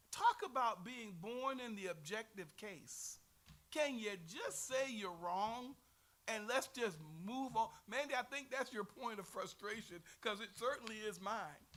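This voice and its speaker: A man's voice: high voice, sharp tone. Folksy Texan man teaching Bible class. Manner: folksy, earnest, teasing with the class.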